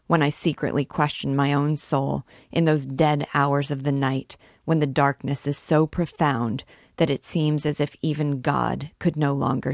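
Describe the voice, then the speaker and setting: A woman's voice: deep voice, no room sound, clean studio sound. A woman reading aloud voices a tormented male priest making a brooding, intense confession. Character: tormented middle-aged male priest, obsessive.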